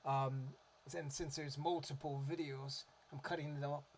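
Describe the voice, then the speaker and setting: A man with a somewhat high voice rambles casually into a desktop microphone about cover songs he likes. He drifts between thoughts, leaning on fillers and restarts. A faint hum of room noise sits behind him. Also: level tone, measured pace. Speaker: music vlogger.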